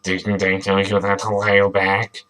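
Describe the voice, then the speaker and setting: A man reading aloud, voicing a doting dinosaur mother in a flat, deadpan voice. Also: low-pitched, measured pace, clean tone.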